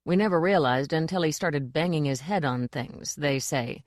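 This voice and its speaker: A woman narrator voicing an earnest male dwarf playwright with low, muttering country speech. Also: normal speed, dry recording, studio quality, lightly acted. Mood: grumbling.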